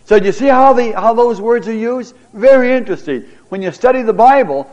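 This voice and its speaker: A middle-aged man, a pastor, teaching a Bible class, reading scripture dramatically and pausing with fillers and repeated words. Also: very high voice, lively intonation, darkish tone, highs cut off.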